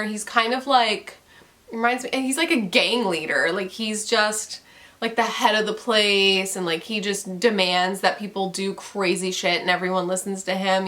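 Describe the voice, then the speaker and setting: A woman's voice: medium pitch, bright, forceful tone. A young woman casually reviewing a book, rambling and candid, swearing and laughing often.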